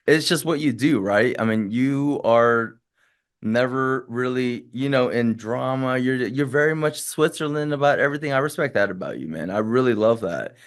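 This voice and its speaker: A man's voice: medium pitch, normal speed. Friendly rambling male podcast host. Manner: friendly, rambling, many restarts. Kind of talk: casual podcast conversation.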